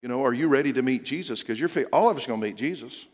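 A middle-aged man preaching a sermon as a pastor, telling stories with hushed quoted lines and rising urgency. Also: mid-range voice, lively intonation, rapid-fire. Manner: storytelling, dropping to a hushed voice for quoted lines and rising when urging. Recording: long reverb of a large hall.

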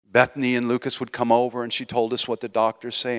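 A man's voice: medium pitch, monotone, fast, fairly bright tone. An older man preaching a sermon in a church, telling his own story earnestly and building to emphatic appeals. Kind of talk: sermon with personal testimony. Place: church sanctuary. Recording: long hall reverb in a church.

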